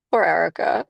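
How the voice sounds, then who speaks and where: A woman hosting a livestream, chatting casually about a trial. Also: no echo. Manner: laughing, chatty. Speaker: livestream host.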